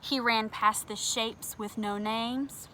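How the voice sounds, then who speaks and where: At home, a woman reads a picture book aloud to children, speaking straight to her young viewers gently and expressively. Her voice is a little high and her pace slow, with a little hiss or hum in the audio.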